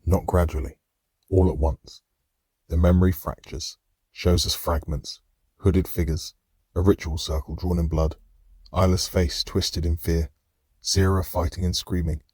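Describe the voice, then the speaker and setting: A man narrating a dark fantasy audiobook in the first person, measured and somber. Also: sits low, flat delivery, slightly rough, dry recording, studio quality.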